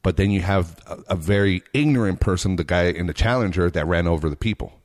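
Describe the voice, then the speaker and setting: A man's voice: low-pitched, fast. A man from Reno telling stories in casual chat, swearing freely and laughing often. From Reno, Nevada.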